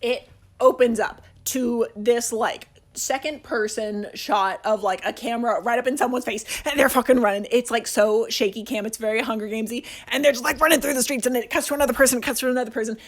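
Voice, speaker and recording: A young man hosting a casual movie review, excitedly rambling and swearing as he gushes. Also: very high-pitched, fast talker. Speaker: video essay host.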